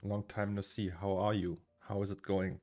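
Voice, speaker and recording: A man's voice: fairly low pitch, level tone, moderate pace, dark tone. A man in his thirties from Germany, chatting casually on a live stream, rambling and reading out chat names with frequent chuckles. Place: home studio. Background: faint music.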